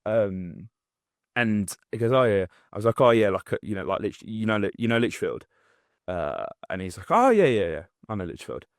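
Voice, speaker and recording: A young man rambles through a story with lots of restarts and fillers. His voice sits fairly low. The recording is dry and close, with no room sound. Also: normal speed, dry recording. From English Midlands. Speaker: podcast co-host. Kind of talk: casual chat.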